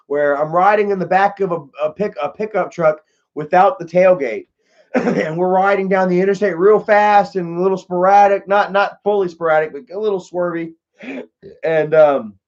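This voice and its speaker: Man telling rambling stories. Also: high voice. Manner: swearing, laid-back storytelling. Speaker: livestream host. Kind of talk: casual storytelling livestream. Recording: dull lo-fi stream audio.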